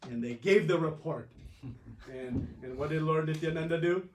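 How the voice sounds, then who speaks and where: Male preacher, animated storytelling, higher voice, roomy distant sound. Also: moderate pace, slight background noise. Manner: animated storytelling, frequent laughter. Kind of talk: storytelling sermon.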